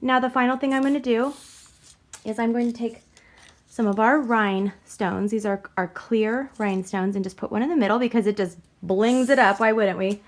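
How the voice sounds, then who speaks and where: A woman's voice: a little high, steady tone, normal speed, a little hiss or hum. A woman hosting a crafting tutorial, talking chattily through each step in a bubbly way and giggling at herself. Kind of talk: casual step-by-step demonstration.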